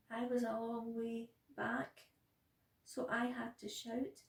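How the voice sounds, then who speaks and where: Slow, gravelly nursery story reader. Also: female voice, a little high, roomy sound, recorded from a distance, rough recording. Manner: gentle, expressive, slow and clear for young children. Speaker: nursery practitioner. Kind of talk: children's story reading.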